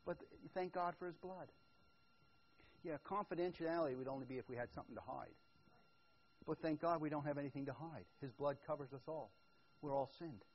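High-voiced man preaching a sermon. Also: slightly rough, highs cut off. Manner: conversational preaching, swings from quiet asides to loud emphatic build-ups. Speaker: pastor.

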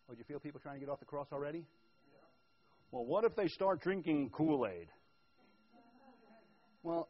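A man preaching a conversational sermon as pastor, shifting from quiet asides to loud, emphatic build-ups. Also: sits high, breathy edge, highs cut off.

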